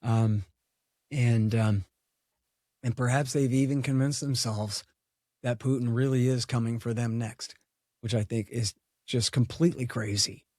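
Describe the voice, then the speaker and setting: A man's voice: medium pitch, fairly even intonation, a little slow, a little mellow, no echo, studio quality. A man giving a blunt, digressive interview answer, with many fillers and lost threads as he talks. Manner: blunt, digressive, loses his count, fillers. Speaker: guest foreign policy commentator. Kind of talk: unscripted interview talk.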